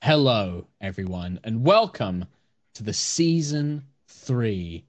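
Man, dungeon master host, casual banter, animated pitch, dry close sound. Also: takes it slowly, dry recording. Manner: playful, rambling, lively intonation. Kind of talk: casual show opening chat.

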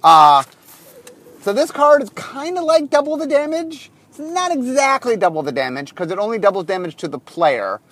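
Brief: man, podcast host, high lively voice, chatty car monologue, heard from a distance. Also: normal speed. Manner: animated, rambling with many fillers. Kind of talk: casual monologue while driving.

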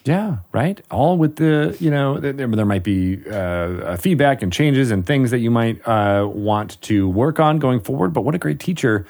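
A man's voice: medium pitch, expressive, moderate pace, gravelly, few pauses, a little mellow. A man hosting a podcast in casual chat, friendly and rambling with many fillers. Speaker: podcast host.

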